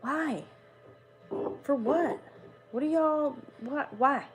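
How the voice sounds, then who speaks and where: A woman's voice: sits high, drawn-out words, soft background music. A young woman streaming from home, chatting casually with her viewers, swearing freely and answering their comments. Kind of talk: casual chat.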